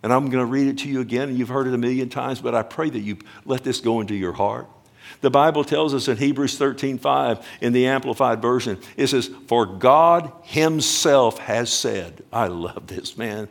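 An older man preaching a sermon as pastor, emphatic and deliberate, swinging between hushed lines and booming ones, drawing out key words. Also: vocal fry. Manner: slow, drawn-out phrasing on key words.

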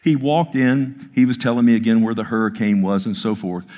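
A male pastor tells a personal story in a sermon, earnest and emphatic, often halting and restarting. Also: fairly low pitch, dark tone. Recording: long reverb of a large hall.

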